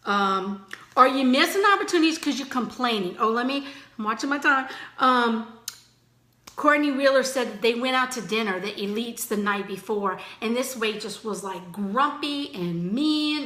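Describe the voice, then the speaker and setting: A woman giving a chatty, energetic motivational training talk to her team, full of fillers. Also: a little high, unhurried, roomy sound.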